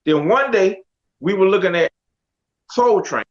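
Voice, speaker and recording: A man with a high voice tells his life story in a loose, animated way, acting out friends and teachers as he goes. His speech is casual and full of slang. The recording sounds dull and lo-fi. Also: measured pace.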